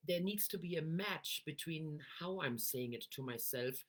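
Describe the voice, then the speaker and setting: A woman's voice: low-pitched, lively intonation, moderate pace. A middle-aged woman giving a coaching talk straight to camera. She speaks expressively and keeps shifting her voice tone to make a point. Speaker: NLP coach.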